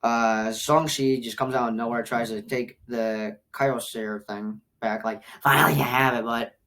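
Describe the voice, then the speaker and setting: A woman with a notably low-pitched voice talks through a film review in a loose, casual way. She rambles and circles back to the same points over and over. Her level keeps jumping between loud excited outbursts and quiet, low mutters. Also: measured pace.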